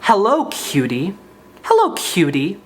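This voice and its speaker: Sugary, coaxing older sugar daddy, done by a man in a high sweet voice. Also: big pitch swings, unhurried, a bit bright, full character voice. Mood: syrupy sweet.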